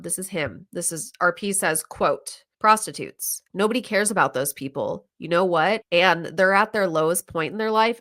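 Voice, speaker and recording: A woman hosting a podcast, casually retelling a true crime episode and acting out the quotes. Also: fairly low pitch. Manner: animated retelling with quoted voices and laughs. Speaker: podcast host.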